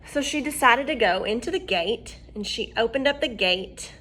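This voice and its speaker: A woman reading a children's storybook aloud, expressive and asking her listeners questions. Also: fairly high pitch, normal speed, slight background noise.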